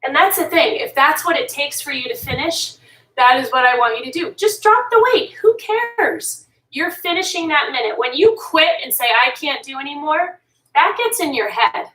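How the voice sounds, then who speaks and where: A woman leads a workout while doing it herself, pushing listeners to keep going. Her voice is high and bright. She sounds set back from the mic in an echoey room. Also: normal speed, far from the mic. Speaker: fitness instructor. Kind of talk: workout coaching while exercising.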